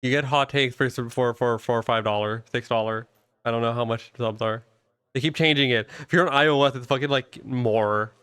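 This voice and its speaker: A young man rambles through casual stream chat, cursing freely and trailing off. His voice is smooth and clear. The sound is dry and close. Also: mid-range voice, normal speed, fairly bright tone, no room sound. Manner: loose, rambling, swears casually. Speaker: streamer and VTuber host.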